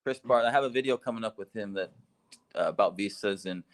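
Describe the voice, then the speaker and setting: A man with a fairly low voice chats casually and with an upbeat tone. He talks in an easygoing way and laughs easily. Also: quick pace. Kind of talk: casual video call chat.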